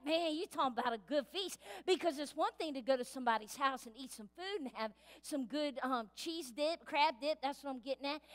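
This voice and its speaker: A woman pastor preaching a sermon in a church, lively and playful, acting out voices as she goes. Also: high-pitched. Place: church sanctuary. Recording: reverberant church hall.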